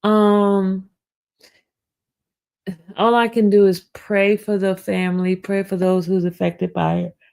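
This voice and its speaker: A woman hosting a casual live-stream chat, talking slowly and meandering, calling her viewers y'all and clearing an itchy throat. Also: mid-range voice, little pitch movement, a little mellow. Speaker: online true-crime commentator.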